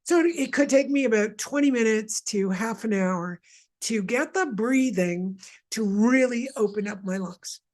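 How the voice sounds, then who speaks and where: A woman's voice: fairly high pitch, unhurried, darkish tone. A woman from Montreal leading a guided wellness session, chatty and rambling with lots of asides. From Montreal, Canada. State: mild asthma. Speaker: energy healer leading a session.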